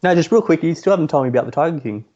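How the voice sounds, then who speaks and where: Deadpan podcast dude, mellow low-ish voice, sound a bit dull and muffled. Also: male voice, racing. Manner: deadpan, setup-and-punchline delivery. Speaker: podcast co-host. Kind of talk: casual comedy podcast chat.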